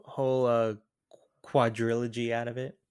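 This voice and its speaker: A man co-hosting a podcast, chatting casually about a film in a relaxed, slightly halting way. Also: medium pitch, smooth, no room sound, studio quality. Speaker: podcast co-host.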